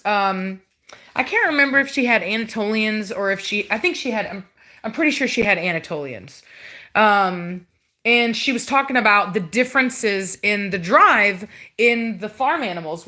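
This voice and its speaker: A woman's voice: on the high side, sharp tone. Chatty woman teasing a puppy on a livestream. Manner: chatty, teasing, talks to puppies in playful scolding tones. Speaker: dog breeder hosting a livestream. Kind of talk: casual livestream chat.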